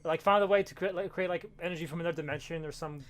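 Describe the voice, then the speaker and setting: A man's voice: fairly high pitch, fairly even intonation, racing. A man co-hosting a podcast, recapping a comic in a rambling, swearing way with many fillers and restarts. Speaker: podcast co-host. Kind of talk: casual chat recapping a comic.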